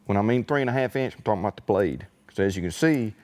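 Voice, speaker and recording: A low-voiced man with a drawl shows off gear in a casual unboxing chat, folksy and excitable. His voice rings with a long, hall-like reverb. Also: fast talker. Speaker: unboxing video host.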